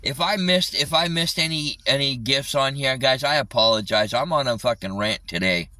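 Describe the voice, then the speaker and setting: A man's voice: medium pitch, moderate pace, pushed and bright, dry recording, far from the mic, rough recording. A man ranting angrily on a live stream, swearing constantly and repeating himself. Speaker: livestreamer.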